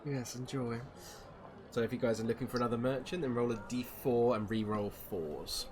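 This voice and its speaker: A man's voice: medium pitch, fairly even intonation, fast, noisy background. A man narrating a tabletop game as game master, in a loose, rambling way with fillers.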